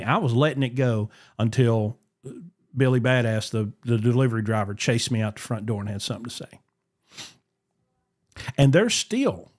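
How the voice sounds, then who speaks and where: A man's voice: mid-range voice, normal speed. A man, hosting a podcast and telling a story in casual chat, acting out the voices he quotes. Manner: animated, acts out quoted voices. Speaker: podcast host.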